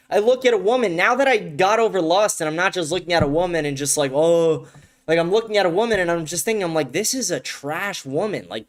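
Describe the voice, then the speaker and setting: A young man hosting a live-stream show, ranting in heated, profane bursts and repeating his points over and over. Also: sits high. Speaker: show host.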